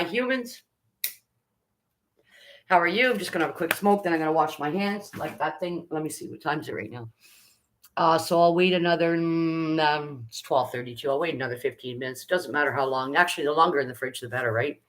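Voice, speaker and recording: A woman's voice: low voice, fairly bright tone, poor audio. A middle-aged woman hosting a casual live baking stream, chatting, greeting viewers by name and reading out their comments.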